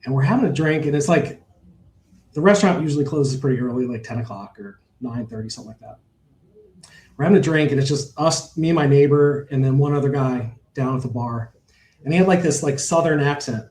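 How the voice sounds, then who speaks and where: A middle-aged man tells stories in a loose, rambling way, full of fillers and restarts. His voice is dark and mellow. It sounds like he is in a roomy space with noticeable echo. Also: medium pitch, brisk. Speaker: horse owner guest. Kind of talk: casual storytelling interview.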